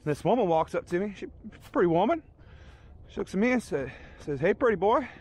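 Breathless high-voiced man on a trail. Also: expressive, a little fast, dark tone. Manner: breathless, rambling, mock-outraged. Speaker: vlogger. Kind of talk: comic storytelling vlog. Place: outdoor park trails. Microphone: handheld camera.

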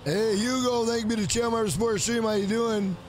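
A man's voice: high-pitched, steady tone, fairly quick, background noise. A man live-streaming a video game, chatting casually with his viewers, thanking them by name and calling them "bro" again and again. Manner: talks straight to chat, repeats "bro" often.

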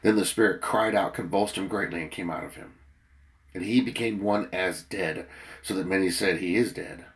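A worn-out preacher leads a daily prayer, giving an earnest devotional sermon and reading scripture aloud. His deep voice moves at a moderate pace, swelling and dropping in loudness for emphasis.

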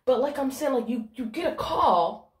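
A young adult woman with a high, animated voice chats casually to her phone camera at a normal pace, swearing freely as she goes. She's a vlogger filming in a bathroom, and the recording has that echoey bathroom sound.

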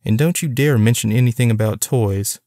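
A man's voice: medium pitch, moderate pace, mellow, no echo, clean studio sound, lightly acted. A man reading the lines of a stern, mysterious otherworldly woman who scolds firmly.

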